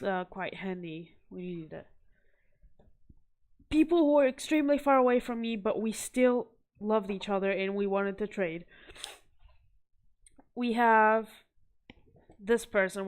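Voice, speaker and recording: Young woman vlogging, unhurried, chatty, rambly, teases herself a lot. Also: medium pitch, smooth. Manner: rambling, self-deprecating, chatty. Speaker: vlogger showing art. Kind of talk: casual chat to camera.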